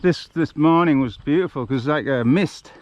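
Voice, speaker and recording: A man's voice: a little high, normal speed, a little mellow, dull audio. Chatty Englishman walking in the countryside. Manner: chatty, rambling, laughs often. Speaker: vlogger on a charity walk. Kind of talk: casual chat while walking. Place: outdoors on a rural road.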